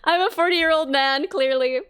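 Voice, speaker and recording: A woman streamer chatting casually on a live stream, animated and playful, jumping up in pitch when she mocks people. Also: normal speed, dry recording, studio quality. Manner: animated, bouncy pitch, mocking voices.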